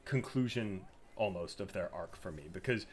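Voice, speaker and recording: A crowd murmurs behind a man with a low voice speaking at a moderate pace. Co-hosting a casual game podcast, he tells the story energetically and animatedly, swearing freely and acting out the scenes.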